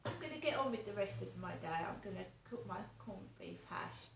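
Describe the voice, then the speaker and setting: A woman's voice: mid-range voice, expressive, brisk, creaky, slight background noise. Agitated woman, echoey and distant. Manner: agitated, indignant, swears. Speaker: vlogger. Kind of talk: rambling monologue vlog. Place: home flat. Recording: roomy echo, distant from mic.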